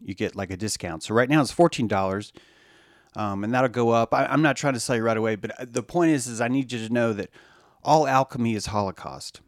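Animated man with a dry close voice. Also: a little fast, dry recording. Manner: animated, acts out quotes in high squeaky voices; repeats words, restarts often, addresses listeners. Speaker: podcast host. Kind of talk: rambling monologue.

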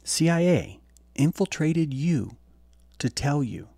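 A man streaming a blunt, profane and preachy monologue that swings between loud outbursts and hushed asides. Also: a little high, animated, slow, dry recording. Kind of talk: impassioned monologue.

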